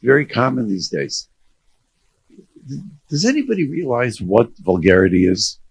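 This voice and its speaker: A man's voice: medium pitch, big pitch swings, measured pace, slightly rough, no room sound. A middle-aged man, a rabbi and counselor, giving a conversational lecture to parents and educators, often restarting his sentences and mixing in Yiddish and Hebrew words.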